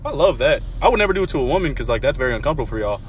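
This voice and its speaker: Lively man telling a story. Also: mid-range voice, rapid-fire, a little hiss or hum. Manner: animated, playful, swaps between loud bursts and mutters. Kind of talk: casual storytelling to camera.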